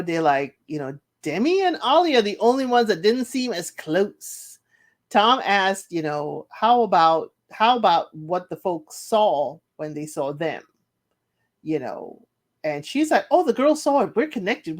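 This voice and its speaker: A woman casually recapping a reality show, chatty and teasing, with playful questions to her viewers. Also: lowish voice. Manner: chatty, animated retelling with playful asides to viewers; laughs often, teasing and questioning.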